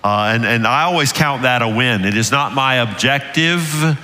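A man's voice: medium pitch, normal speed, sharp tone. An older man with a Southern US accent preaching a sermon as lead pastor, earnest and building to emphatic peaks. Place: church sanctuary. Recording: reverberant church hall.

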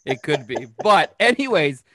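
A man's voice: a little high, sing-song, normal speed, bright, forceful tone. A man hosting a podcast over a video call, chatting casually, rambling and laughing easily. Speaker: podcast host. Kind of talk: casual chat.

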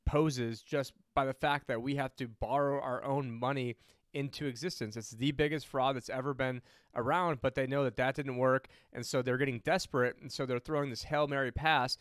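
A man's voice: medium pitch, fairly even intonation, moderate pace, dry recording. A man co-hosting a podcast, ranting heatedly about money and politics, swearing and rambling with many fillers and restarts. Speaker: podcast co-host. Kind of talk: casual political and money talk.

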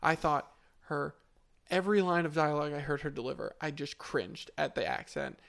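A man's voice: a little high, normal speed, creaky, a bit bright. A man co-hosting a podcast, giving a blunt, opinionated take on a movie in casual chat. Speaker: podcast co-host.

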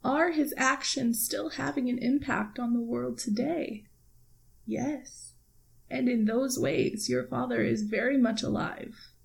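A woman voicing a calm, sorrowfully wise winged woman who speaks softly and solemnly in a tabletop role-play. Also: a little high, vocal fry, a little hiss or hum, pitched above the performer's own voice, poor audio. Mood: gentle. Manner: soft, solemn and measured.

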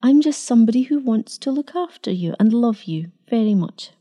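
A young wife with a husky, half-whispered voice, tender and unsure of herself, as a woman puts her on. She speaks higher than the reader's own voice, with a soft, mellow tone. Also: lively intonation, moderate pace. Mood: gentle.

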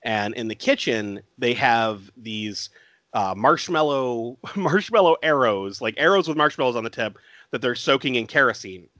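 A man's voice: medium pitch, lively intonation, moderate pace, sharp tone, dry recording. A man co-hosting a casual film chat, recapping scenes and laughing often.

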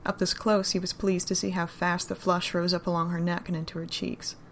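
A woman narrating a romantic story in an expressive, intimate reading. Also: lowish voice, fairly quick, a little hiss or hum. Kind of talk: fan fiction reading.

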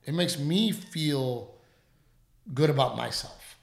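A radio host telling a story in casual chat, rambling and animated, with plenty of fillers. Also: male voice, fairly high pitch, slow, creaky, reverberant.

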